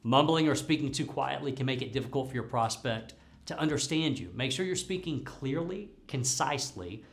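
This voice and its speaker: A man's voice: mid-range voice, animated, moderate pace, vocal fry, few pauses. A man teaching sales technique as a trainer, coaching and laying out tips point by point. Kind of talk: instructional talk on sales technique. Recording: faint background music.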